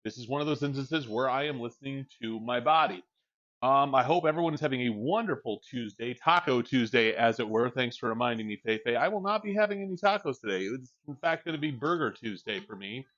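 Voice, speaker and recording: A man's voice: mid-range voice, expressive, fairly quick, fairly bright tone, muffled recording. A man with a young child streams from home, chatting casually in a rambling, frank way and swearing freely into a desk mic. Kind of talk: casual chat while livestreaming.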